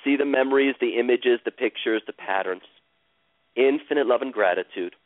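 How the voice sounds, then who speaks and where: A man's voice: medium pitch, normal speed, no room sound. Man, guided healing session, soothing, repetitive chanting phrases, tinny phone-line sound. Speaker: host guiding a caller through emotional healing.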